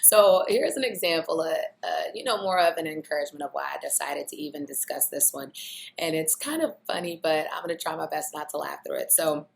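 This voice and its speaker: Young woman with a notably low voice, relaxed reflective vlog delivery. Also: fairly quick, vocal fry. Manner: conversational, loose, with many "you know" fillers. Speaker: vlogger. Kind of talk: casual reflective monologue.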